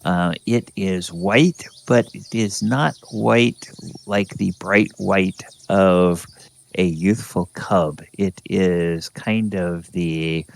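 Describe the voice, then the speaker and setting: A man narrating a tabletop game as dungeon master, in a slow, hesitant way with many fillers. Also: low voice, vocal fry.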